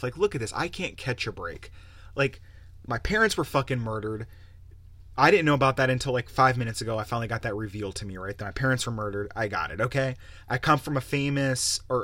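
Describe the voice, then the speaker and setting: Young male podcast host, salty animated rant, mid-pitched voice, dry close sound. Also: dry recording. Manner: profane, animated, rambling. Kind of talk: casual solo podcast rant.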